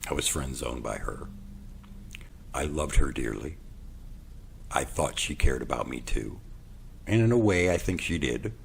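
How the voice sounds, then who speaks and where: A man hosting his own show, telling a personal story in an animated way and acting out the dialogue. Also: extremely low pitch, gravelly, slight background noise. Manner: animated, acts out quoted dialogue. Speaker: podcast host.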